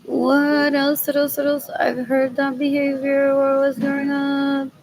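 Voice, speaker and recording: A woman's voice: sits high, completely flat delivery, unhurried, darkish tone, slight background noise, rough recording. A middle-aged woman talking to herself in a rambling solo monologue, repeating phrases over and over and slipping Spanish phrases into her English. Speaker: vlogger.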